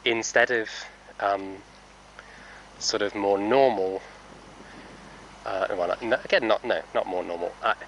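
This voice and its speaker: A man's voice: on the low side, unhurried, vocal fry, pauses often, a bit bright, a little hiss or hum, low-quality recording. A man training a horse who talks casually and thoughtfully in a vlog, rambling with many fillers and correcting himself as he goes.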